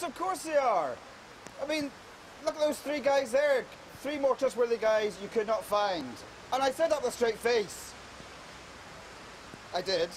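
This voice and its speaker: A very high-pitched man from Northern Ireland teases and jokes with a crowd in a large outdoor square, taking part in public art. The rough recording carries slight background noise.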